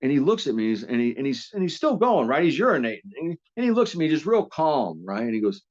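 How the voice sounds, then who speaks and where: A man's voice: a little high, very animated, fast talker, hardly any pauses, dull audio. A man telling stories casually as an interview guest, rambling with frequent restarts and coarse language. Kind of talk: casual storytelling.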